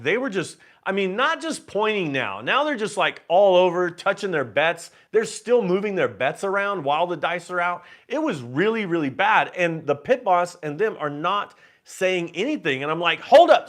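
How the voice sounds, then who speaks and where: Male host, casual live-stream storyteller, animated, quick to laugh, fairly high voice. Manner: animated, acts out his own quotes louder and higher; many restarts and laughs.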